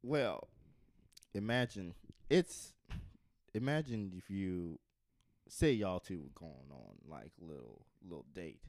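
Male podcast co-host, lively swings in pitch, dry close sound, keeps breaking into laughs mid-story. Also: slow, vocal fry, long pauses, no echo. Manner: laughing, animated storytelling with playful trash talk. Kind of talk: casual chat, acting out a sketch.

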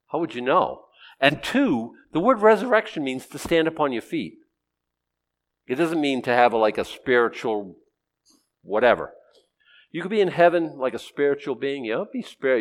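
A middle-aged man preaching an expository sermon, conversational and humorous, swinging from loud outbursts to low asides.

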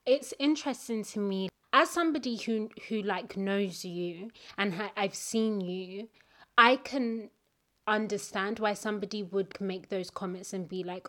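A woman's voice: medium pitch, a little slow, a bit bright. A woman interviewing her guest, asking thoughtful, probing questions in a casual chat.

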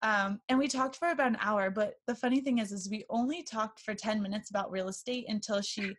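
A woman's voice: mid-range voice, a little fast. Woman host in her 30s, chatty storyteller, casual podcast chat. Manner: warm, chatty storytelling with fillers.

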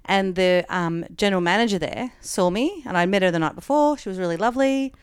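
A woman comedian with a mid-range voice tells a long story in casual chat, speaking fairly quickly. She's chatty, peppers everything with "like," and acts out the quoted dialogue. Her tone is clean, and the recording is dry with clean studio sound.

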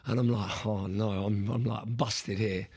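Husky man telling a race story. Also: lowish voice, measured pace. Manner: animated, repeats words and restarts, mimics others in the story. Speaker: interview guest. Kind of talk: casual storytelling in an interview.

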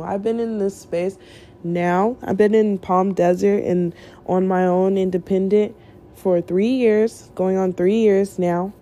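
A woman's voice: medium pitch, warm tone. A woman vlogger giving an earnest, casual motivational talk, repeating phrases for emphasis and laughing often.

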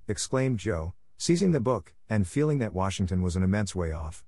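A man narrating a classic novel in a steady, measured audiobook reading for English learners, close to the mic. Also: sits low, dry recording.

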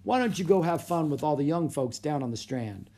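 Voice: mid-range voice, expressive, fairly quick, warm tone. A reader voicing a jolly, kindly male policeman in a storybook reading, with a reassuring, fatherly manner.

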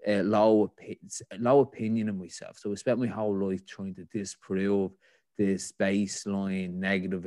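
A man's voice: deep voice, warm tone, dry recording, studio quality. A man with a Dublin Irish accent, speaking as a podcast guest and telling his own story candidly, rambling and full of "like, you know" fillers. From Ireland.

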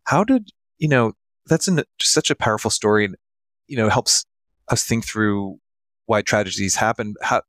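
A man hosting an interview, asking his questions in a halting way as he searches for words. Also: on the low side, lively intonation, fairly bright tone, dry recording. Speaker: interview host.

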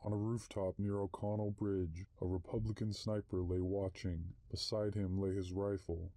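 Man, story narration, deep voice, even flat delivery, unhurried. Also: no echo. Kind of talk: audiobook story reading.

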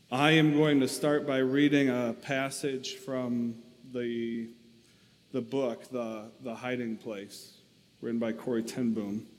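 A man preaching and introducing a reading, soft-spoken with hesitant pauses. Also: medium pitch. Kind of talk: sermon with book reading. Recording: long hall reverb.

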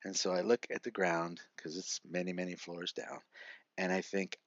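A man's voice: low-pitched, flat delivery, normal speed, no room sound. A middle-aged man, a podcast guest, earnestly telling a personal story with frequent "right?" asides. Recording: dry, slightly muffled lo-fi audio.

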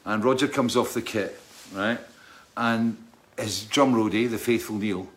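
A man's voice: lowish voice, a little slow. Man spinning a rambling tour story. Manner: rambling, keeps checking in with "right?", laughs often. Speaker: touring musician telling a story. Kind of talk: casual anecdote telling.

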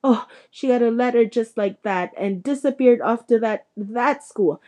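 Woman putting on a shrill bitter aunt, shrieking, high-pitched, mellow underneath, storybook reading. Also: moderate pace, natural voice. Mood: shrill indignation.

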